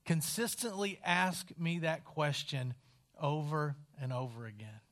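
Man, high-pitched voice, preacher, casual wry storytelling, dramatic pauses. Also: fairly bright tone. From West Virginia. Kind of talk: storytelling sermon.

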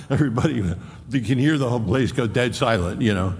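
A man preaching in an animated, emphatic way, with a gravelly edge to his voice. He hammers points home by repeating phrases. A long hall reverb trails behind every word. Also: medium pitch, a little fast. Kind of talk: expository sermon.

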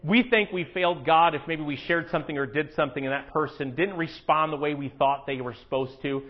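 Man, pastor, sermon, high voice, animated, hushed then loud, dull lo-fi sound. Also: brisk. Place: church.

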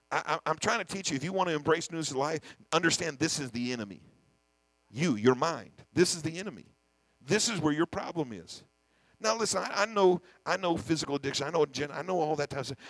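A man preaching a sermon in a gravelly, somewhat high voice, emphatic and full of repeated words and restarts. He acts out his own inner voices as he preaches. The sound is dry and close, with a low mains hum underneath. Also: dry recording, rough recording. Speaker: senior pastor.

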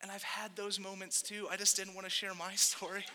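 A man's voice: sits high, little pitch movement, fairly quick, noisy background. A young man preaching a sermon as pastor, in a conversational, rambling way with jokey asides and self-corrections. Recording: long hall reverb.

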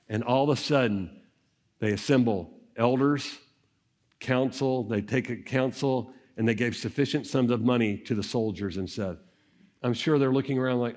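A man preaching an Easter sermon, acting out the scenes of the story as he tells it, at times dropping soft and low. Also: moderate pace. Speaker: pastor.

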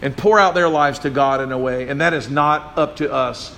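A man's voice: mid-range voice, moderate pace, fairly bright tone, a little hiss or hum. A male pastor preaching a sermon, emphatic and drawing call-and-response from the congregation.

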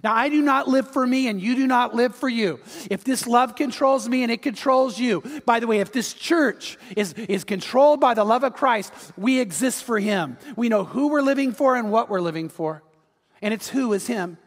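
Male pastor, high-pitched and animated, preaching in a reverberant church hall. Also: moderate pace. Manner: animated storytelling, acts out quotes, urges the audience. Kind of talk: sermon.

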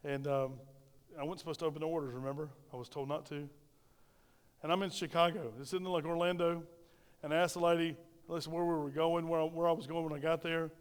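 A man's voice: fairly high pitch, flat delivery, quick pace, clean tone, in a large hall. A middle-aged male pastor preaching a sermon into a microphone in a church, telling stories, repeating phrases and asking the congregation questions. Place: church sanctuary. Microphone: handheld microphone.

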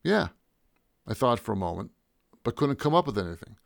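A man narrating a first-person story in a wry, deadpan way. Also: on the low side, fast talker, creaky, dry recording, clean studio sound. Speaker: audiobook narrator.

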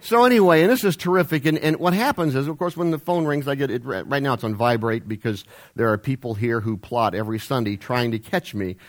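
A man's voice: mid-range voice, fairly quick. A man preaching a humorous sermon in a church, rambling and jokey with self-deprecating asides. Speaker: pastor. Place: church sanctuary.

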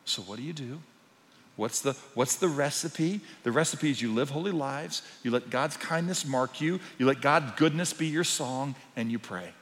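A man preaching a sermon as pastor, swinging between quiet, intimate passages and loud, emphatic ones. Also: medium pitch, normal speed, in a large hall.

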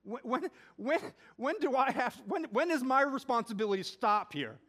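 A middle-aged man preaching a conversational sermon, telling a personal story with animated asides. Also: very high voice, normal speed. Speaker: pastor.

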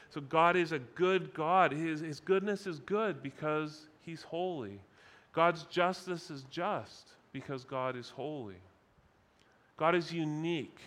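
A man preaching a sermon in a measured, emphatic way, slowing down to stress key words. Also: on the high side, fairly bright tone.

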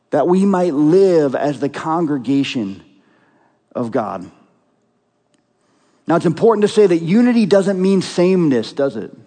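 A man's voice: medium pitch, mellow, long reverb tail. A man preaching a sermon as pastor, earnest and emphatic, asking his congregation rhetorical questions.

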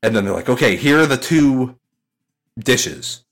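Casting: man, casual podcast co-host, lively pitch, rambling comic retelling with impressions. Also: a little slow. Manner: animated storyteller, swears, mimics people with laughter.

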